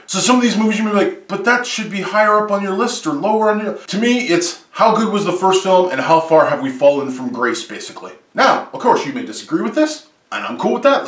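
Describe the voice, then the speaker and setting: Man, animated movie reviewer, sarcastic asides, a bit off-mic. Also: high-pitched, echoey room, far from the mic. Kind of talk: comedic top-list commentary.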